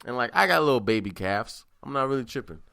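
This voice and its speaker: A man's voice: mid-range voice, lively intonation, fast talker, creaky, pushed and bright, no room sound, clean studio sound. A man hosting a podcast, telling stories in a rambling, profane, casual monologue. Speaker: podcast host.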